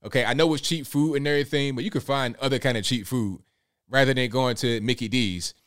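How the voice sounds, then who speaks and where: A man's voice: medium pitch, brisk, fairly bright tone. A man talking through his opinions in an offhand, rambling monologue. His tone turns sarcastic, and his sentences are full of fillers and restarts. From United States. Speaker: commentator. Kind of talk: casual opinion commentary.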